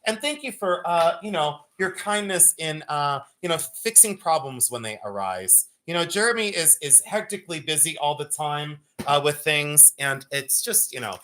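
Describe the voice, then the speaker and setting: A man in his fifties hosting a live jewelry sale, chatting loosely and breaking into rapid auctioneer chant. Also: a little high, expressive, bright, forceful tone. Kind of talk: live-stream sales chat.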